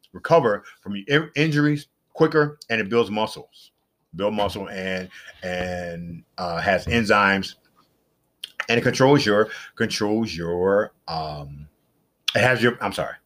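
Excitable chatty middle-aged man. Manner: excitable, jumps to high-pitched exclamations; repeats himself, rambling and chatty. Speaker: podcast host. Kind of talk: casual solo podcast talk.

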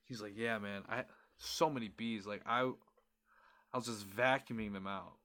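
A man on a podcast telling a profane, animated story in casual chat and acting out what people said. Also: lowish voice, normal speed, background noise. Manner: animated, profane storyteller who acts out quotes. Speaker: podcast co-host.

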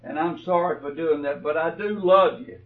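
A man's voice: fairly high pitch, normal speed, phone-quality sound, close to an everyday voice. Guy quoting a frustrated teen girl, complaining and pleading, sermon story, heard from far off. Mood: earnest. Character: frustrated teenage girl at odds with her mother.

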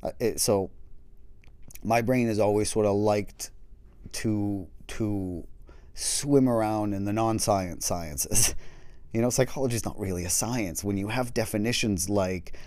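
A man with a lowish, mellow voice rambles through a casual talk. He jokes at his own expense, drops the odd swear word and acts out bits of dialogue. The sound is close and dry with no room echo. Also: unhurried. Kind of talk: casual chat.

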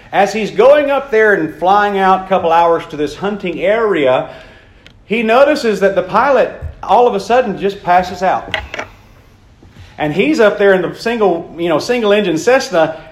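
A man preaching a sermon in a folksy, conversational way, slowly repeating his key points. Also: high voice. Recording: echoey room.

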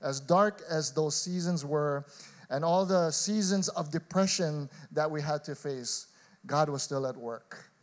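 Male pastor, sermon. Earnest and halting delivery, slightly high pitch.

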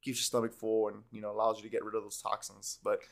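A man's voice: fairly low pitch, completely flat delivery, fast talker, vocal fry, slight background noise. A young man co-hosting a casual podcast chat, rambling and laughing often, swearing freely. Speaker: podcast co-host.

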